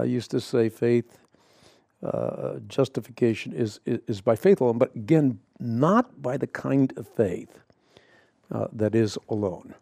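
A man hosting a radio Bible program, explaining scripture in a measured, emphatic way with frequent fillers and restarts. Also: mid-range voice, vocal fry, dark tone, no room sound, studio quality. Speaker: radio show host answering Bible questions. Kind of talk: radio teaching monologue.

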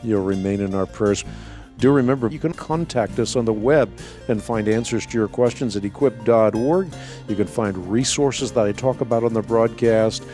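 A man's voice: fairly low pitch, moderate pace, mellow, soft background music. A man hosting a Christian call-in radio show, giving earnest pastoral counsel to a caller. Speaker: radio talk show host.

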